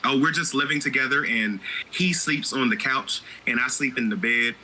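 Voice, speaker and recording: A man's voice: medium pitch, moderate pace, bright, forceful tone, slight background noise, pitched above the performer's own voice, rough recording. A man voicing a gossipy Southern belle woman, with a put-on Southern drawl and a breezy, chatty way of making excuses. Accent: American Southern.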